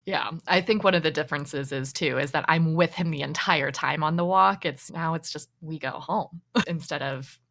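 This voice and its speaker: A woman's voice: sits low, moderate pace, vocal fry, hardly any pauses, a bit bright. A woman co-hosting a podcast about dogs, chatting casually and laughing as she acts out her dog's thoughts. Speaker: podcast co-host, dog trainer. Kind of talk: casual conversational chat.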